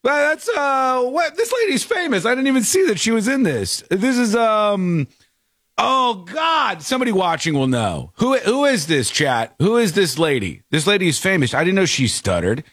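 A man co-hosting a casual chat show, talking in an animated, jokey way as he tells stories. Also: high voice, moderate pace, no room sound, clean studio sound. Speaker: podcast co-host.

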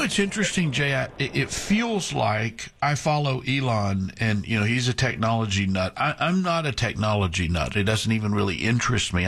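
A man hosting a casual radio chat, talking in halting restarts and telling dry corny puns. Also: fairly low pitch, fairly bright tone.

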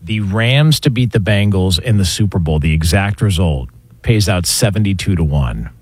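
Guy hosting sports radio, reading odds and station shoutouts, dry close mic. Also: sits low, animated, moderate pace, no room sound. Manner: smooth broadcast delivery, reads sponsor and affiliate notes. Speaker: sports radio show host. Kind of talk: radio hosting with reads and announcements.

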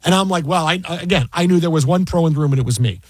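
A man who works as a sports broadcaster, casually recounting a work story in an animated, exasperated way. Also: on the high side, racing, husky, no room sound. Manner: animated, exasperated retelling with repeated asides. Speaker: fantasy football broadcaster.

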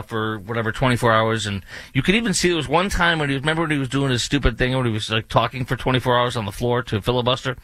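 A man's voice: medium pitch, sharp tone, no room sound. A man hosting an opinionated talk show, sarcastic and mocking, with rambling asides. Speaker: political commentary host. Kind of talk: opinionated talk radio commentary.

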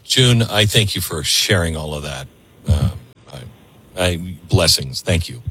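A man's voice: low voice, animated, a little slow, pushed and bright, slightly rough, no echo. A man hosting a call-in radio talk show, speaking earnestly into a studio microphone and often repeating words as he thinks aloud.

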